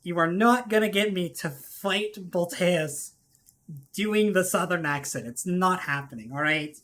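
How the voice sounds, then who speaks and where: A woman's voice: lowish voice, unhurried, fairly bright tone. A woman streaming a video game live, chatting casually to her viewers in a rambling way, often repeating herself and breaking into laughs. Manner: rambling, laughing, self-interrupting. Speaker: VTuber streamer.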